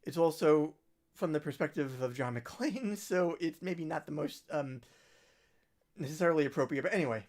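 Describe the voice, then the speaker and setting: Musician host, male, slightly high register, loose conversational rambling, light music bed underneath. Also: moderate pace. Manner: rambling, recommending links, trailing off into soft asides. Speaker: musician hosting a livestream. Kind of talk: casual livestream chat.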